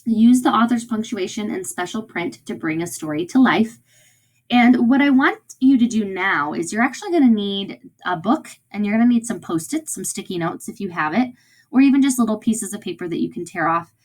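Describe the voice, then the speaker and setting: A woman's voice: mid-range voice, expressive, a little fast. A woman teacher giving a recorded read-aloud lesson to young children in an encouraging way, often checking in with them.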